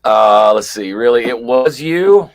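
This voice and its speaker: A man's voice: medium pitch, animated, measured pace, creaky. A man hosting a casual livestream, chatting and greeting viewers one by one in a rambling way with lots of fillers. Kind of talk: casual live chat. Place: chilly basement at home.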